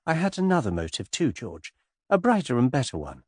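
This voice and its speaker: A man's voice: medium pitch, huge pitch swings, a little fast, husky, no room sound, clean studio sound. Man doing a breezy, teasing society lady. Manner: airy, teasing, softly amused. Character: breezy, witty young English society woman.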